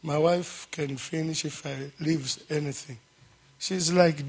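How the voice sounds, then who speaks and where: A middle-aged man giving an emotional testimony at a church service, halting and fervent, breaking into praise. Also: fairly high pitch, steady tone, gravelly, husky.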